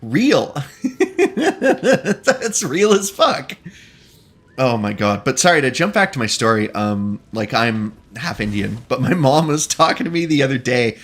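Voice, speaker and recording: A man's voice: medium pitch, animated, moderate pace, few pauses, fairly bright tone. A young man with a slight Eastern Canadian lilt, chatting casually and laughing often while streaming a game. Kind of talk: casual chat while gaming.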